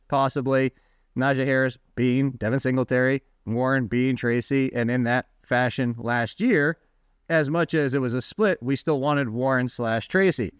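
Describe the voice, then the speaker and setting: A man hosts a fantasy football podcast from a dry, close-miked spot, talking in a smooth, clear voice at an everyday pitch. He is chatty and animated and keeps tossing quick asides and questions to his co-host. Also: no echo. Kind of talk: casual podcast chat.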